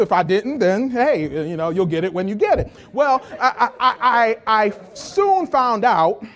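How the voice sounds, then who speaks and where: A pastor preaching a sermon in a high-pitched voice, stumbling over repeated words and chuckling easily. He speaks in a playful, informal way with his congregation. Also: a bit bright.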